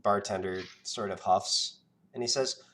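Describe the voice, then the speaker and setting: A man narrating a tabletop game as game master, halting with many ums and uhs. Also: fairly low pitch, a bit bright.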